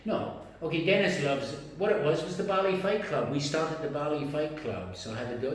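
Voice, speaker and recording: A man's voice: a little high, brisk, hardly any pauses. A middle-aged man telling profane stories in casual talk, acting out other people's lines with sudden swings in his voice. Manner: animated, acts out others' lines with big swings in voice. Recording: very roomy echo, faint background noise.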